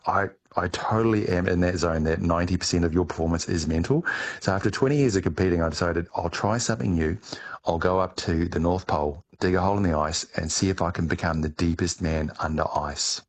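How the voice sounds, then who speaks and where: A middle-aged man answering interview questions, telling his story in a relaxed way with some restarts. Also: low voice, a little fast. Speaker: guest, ice diver.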